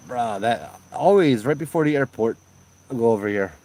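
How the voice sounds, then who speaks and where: A middle-aged man from Hawaii with a Hawaiian Pidgin accent, hosting a casual chat and telling stories with lots of laughs. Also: medium pitch. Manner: laid-back storytelling, animated quoted voices, laughs often. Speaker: podcast host.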